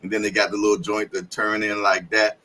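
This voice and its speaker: Bright-voiced laughing podcast host man. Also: lowish voice, little pitch movement, slight background noise, low-quality recording. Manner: laughs often, drawn-out storytelling with slang fillers. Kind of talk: casual livestream chat.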